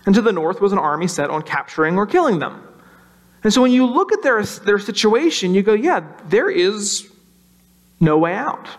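A man preaching a sermon in a conversational way, slowing down to stress key lines and briefly acting out anxious voices. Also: high voice, lively intonation. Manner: conversational, acts out worried voices, slows for emphasis. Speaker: pastor.

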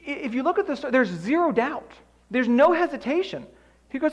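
A man preaching with a high, light voice that rises and falls as he acts out scenes with playful energy. His words carry a long reverb tail, as though spoken in a large hall. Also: big pitch swings, a little fast. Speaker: pastor. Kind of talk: sermon.

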